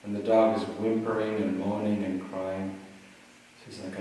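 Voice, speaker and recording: A man giving a dharma talk, telling a teaching story in a relaxed way with many "you know"s and "like"s, recorded in a retreat hall. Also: lowish voice, normal speed, slight background noise. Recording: echoey hall, mic at a distance, faint ambience.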